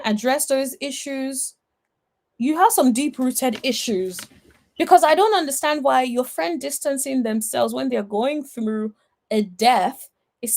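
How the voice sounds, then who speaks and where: A woman giving blunt, sassy reaction commentary on a reality TV episode, talking straight at the cast members. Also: high-pitched. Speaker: reality TV recap vlogger.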